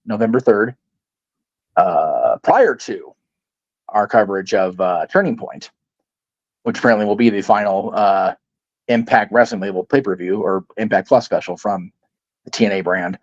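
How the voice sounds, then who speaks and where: A man's voice: medium pitch, no echo, lo-fi sound. A man hosting a casual wrestling talk show, rambling and self-deprecating as he wraps up. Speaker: podcast host. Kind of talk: casual chat.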